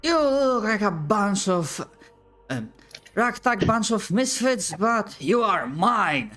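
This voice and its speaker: Give me a domineering, gruff colonel shouting at recruits, as a man puts him on, raised and loud. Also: high voice, big pitch swings, slow pace, voice pushed up, full character voice. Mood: commanding. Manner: barking, domineering. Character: gruff muscular male drill colonel, commanding.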